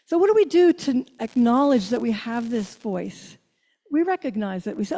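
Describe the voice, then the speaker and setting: Older woman, minister, reflective sermon, mellow voice, fairly high pitch, long church reverb. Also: expressive. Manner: reflective, asks the congregation questions, slows on key phrases. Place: church sanctuary.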